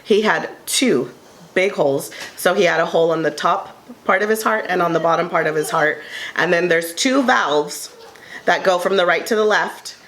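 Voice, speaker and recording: A woman co-hosting a casual table talk, telling a heartfelt personal story in an earnest way with many pauses and ums. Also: on the low side, a bit bright. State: tearful at moments. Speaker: panel co-host sharing her story.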